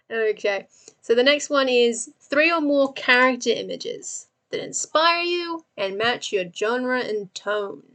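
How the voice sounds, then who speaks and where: Hosting a livestream, a young Australian woman talks slowly in a high, expressive, slightly bright voice. Giggly and chatty, she keeps working while laughing and replying to her chat.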